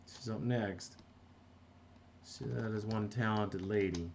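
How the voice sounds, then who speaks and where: A man's voice: on the low side, unhurried, creaky, pauses often. Rambling man streaming while he draws. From New Jersey. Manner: rambling, self-interrupting, reads chat aloud. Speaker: animator streaming live. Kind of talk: casual live-stream chat while drawing.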